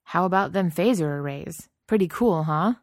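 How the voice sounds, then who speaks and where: A woman's voice: lowish voice, normal speed, no room sound, close to an everyday voice. Woman reading as brash young male starship captain, eager, flustered, dry close recording.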